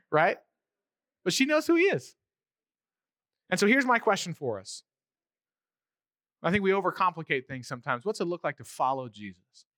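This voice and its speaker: Animated, high-voiced male pastor. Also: moderate pace, long pauses, no room sound, studio quality. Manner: animated, conversational, acts out voices. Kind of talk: sermon.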